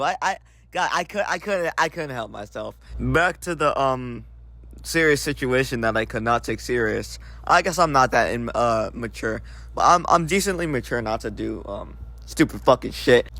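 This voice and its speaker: A man's voice: medium pitch, fairly bright tone. A young man casually narrating an online dispute over screenshots, sarcastic and profane, with many fillers and restarts. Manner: frequent filler words and restarts. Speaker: vlogger recounting an online dispute.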